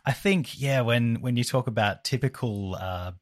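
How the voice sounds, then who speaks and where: A man co-hosting a casual game discussion, easygoing and quick to laugh. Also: medium pitch, no echo, studio quality.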